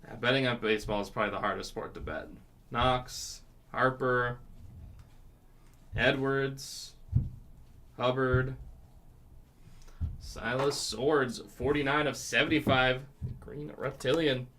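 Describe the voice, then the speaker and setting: A man's voice: medium pitch, fairly even intonation, slow pace, long pauses, fairly bright tone. A man hosting a live card break, listing player names and chatting with viewers about sports betting. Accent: North Carolina.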